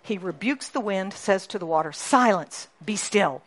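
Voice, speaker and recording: A woman preaching a sermon to a congregation, animated and emphatic, often asking the listeners questions and repeating key lines. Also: mid-range voice, moderate pace. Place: church congregation.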